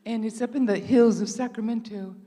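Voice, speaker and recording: A woman's voice: on the high side, fairly even intonation, brisk, warm tone, big-room sound, pitched above the performer's own voice, close to an everyday voice. A woman putting on a chirpy young Australian girl. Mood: excited.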